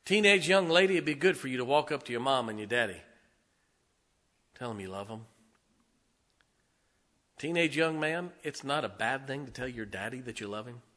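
A middle-aged man preaching a sermon as pastor, swinging between loud, emphatic lines and quiet, hushed ones. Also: mid-range voice, normal speed, pauses often.

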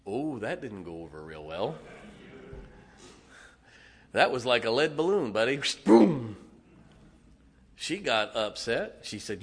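A middle-aged man preaching in a folksy, animated way, with plenty of asides to the congregation. His voice sits at an ordinary pitch. The sound carries a long hall reverb, as in a church sanctuary. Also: slow pace, long pauses, breathy edge. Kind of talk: sermon.

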